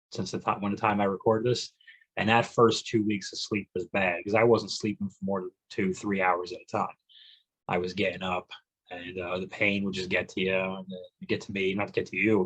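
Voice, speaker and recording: A man's voice: lowish voice, breathy edge, rough recording. A man in his forties hosting a solo comedy podcast, rambling and self-mocking, bursting into mock-macho rants. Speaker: podcast host.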